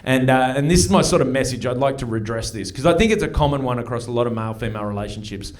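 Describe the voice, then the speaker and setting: A man's voice: medium pitch, expressive, racing. An Australian man doing a stand-up set in a comedy club, brash and conversational, swearing freely. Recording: live audience laughter.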